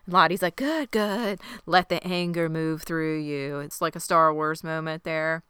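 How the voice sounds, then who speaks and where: A woman's voice: low-pitched, measured pace, a bit bright, clear, resonant tone, no echo. A woman hosting a podcast, recapping an episode in a wry, sardonic way. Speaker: podcast host. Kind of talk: casual recap chat.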